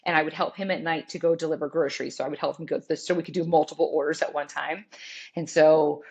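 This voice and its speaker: A woman's voice: sits low, steady tone, fast, vocal fry, darkish tone, husky. A woman in her forties, a fitness trainer and interview guest, telling a personal story in a candid, rambling way and often quoting herself.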